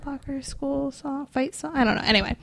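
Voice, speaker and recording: A woman's voice: high voice, brisk, vocal fry. A young adult woman co-hosting a podcast in casual chat, rambling with lots of filler words. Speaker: podcast co-host.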